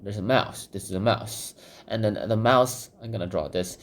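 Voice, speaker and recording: A man's voice: on the low side, normal speed. A man casually summarizing a children's book while sketching, rambling with lots of fillers and repeated phrases. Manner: rambling, filler-heavy, repeats "goes ahead".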